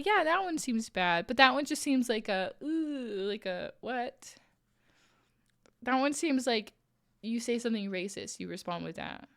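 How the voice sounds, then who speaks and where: Playful woman streamer chatting with chat. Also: a little high. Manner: playful, laughs often, reads chat aloud. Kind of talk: casual stream chat while crocheting.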